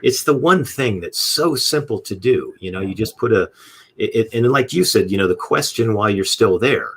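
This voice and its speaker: A man hosting a casual interview, relaxed and rambling with many fillers. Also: fairly low pitch, normal speed, a little hiss or hum. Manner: relaxed, rambling, full of "you know" fillers. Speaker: podcast host.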